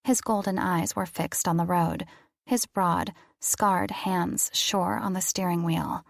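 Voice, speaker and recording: A woman narrating a novel in the first person, in an even, steady reading voice. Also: fairly low pitch, slow, vocal fry, no room sound, studio quality. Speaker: audiobook narrator.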